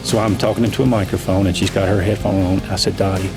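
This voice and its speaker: A man's voice: sits low, fairly even intonation, quick pace, over music. A man, a golf director as a radio guest, telling a playful anecdote and acting out the quotes. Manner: playful storyteller, acts out quotes. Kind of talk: anecdotal storytelling in an interview.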